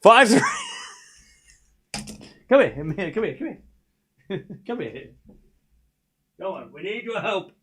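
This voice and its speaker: On his live tennis watchalong stream, a man calls the points and jokes sarcastically with chat, going from muttered score updates to shouted calls. He speaks slowly with long pauses, his high voice carrying big pitch swings and a breathy edge.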